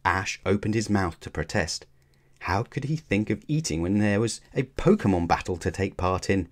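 A man narrates a children's adventure book aloud with expressive, measured storytelling. His voice sits on the low side. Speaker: storybook reader.

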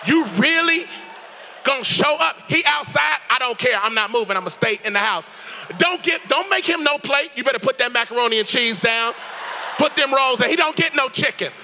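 A man preacher voicing a sassy, indignant woman who scolds loudly and refuses to leave the house. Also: very high-pitched, animated, a little fast, pitched above the performer's own voice, heavily acted.

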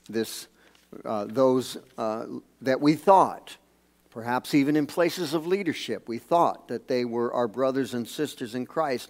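A male pastor delivering a sermon in a church, earnest and emphatic. His voice sits at an ordinary middle pitch, and his phrases often fall away softly at their ends. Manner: earnest, emphatic preaching with hushed phrase endings. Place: church sanctuary.

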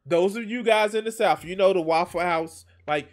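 A man's voice: sits high, normal speed, soft background music. A man reacting to a video as a streamer, rambling and swearing with lots of restarts and jokes. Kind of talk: reaction commentary.

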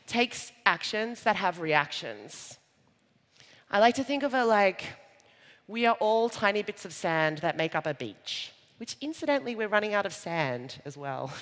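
Lively Australian woman speaking on stage. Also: medium pitch. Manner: animated, conversational, jokey asides. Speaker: conference speaker. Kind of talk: keynote talk on stage. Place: conference stage. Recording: live talk in a large reverberant hall.

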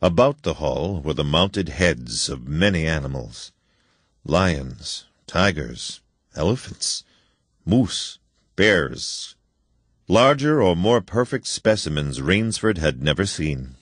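A man narrating a story in an expressive audiobook reading with shifting emphasis. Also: rumbling low, slow, slightly rough, no echo, clean studio sound.

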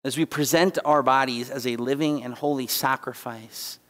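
A man's voice: medium pitch, fairly even intonation, moderate pace, hardly any pauses, a bit bright. A man preaching a sermon as guest speaker, talking conversationally and emphatically, with asides and restarts. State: holding back tears. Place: church sanctuary. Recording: church hall reverb.

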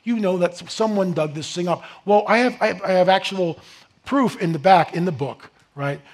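Emphatic high-voiced man lecturing. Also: moderate pace. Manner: emphatic, rising to near-shouts on rhetorical questions; rambling with restarts and asides. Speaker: speaker presenting a slide lecture. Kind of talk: animated lecture to a live audience.

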